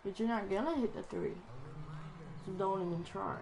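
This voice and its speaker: A woman giving live commentary over a basketball video game, excitable and playful, trash-talking the players. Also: medium pitch, moderate pace, noisy background. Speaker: gaming channel host.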